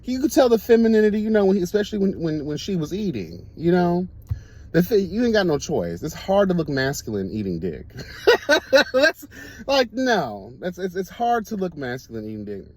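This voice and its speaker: A man chats casually to his audience in a lively, swooping voice that climbs and drops a lot. His delivery is camp and animated, and he breaks into laughter often as he tells his stories. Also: sits high, moderate pace. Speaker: host. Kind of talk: casual storytelling chat.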